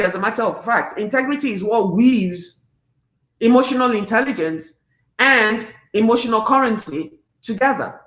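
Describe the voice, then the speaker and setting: Emphatic woman in her fifties, echoey room. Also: on the high side. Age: 50s. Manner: emphatic, animated, preachy. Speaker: host. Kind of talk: live-stream talk reading comments.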